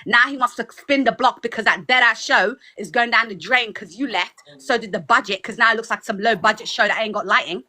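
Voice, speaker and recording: A woman's voice: fairly high pitch, brisk, few pauses, sharp tone. A woman with an accent giving a fiery, preachy pep talk as a guest on a livestream. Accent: foreign accent. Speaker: guest speaker.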